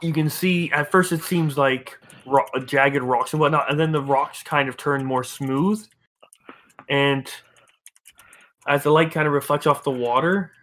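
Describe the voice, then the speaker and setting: A man's voice: on the high side, a bit bright. Male game master, casual, meandering scene description. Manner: loose, rambling narration with fillers. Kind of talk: narrating a tabletop game.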